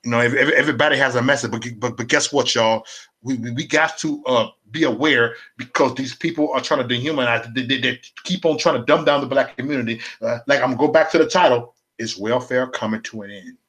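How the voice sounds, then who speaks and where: Stammering, fiery ranting man, bright voice. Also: medium pitch, quick pace, breathy edge. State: dry mouth, losing his voice. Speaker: political vlogger. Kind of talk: live-streamed political rant.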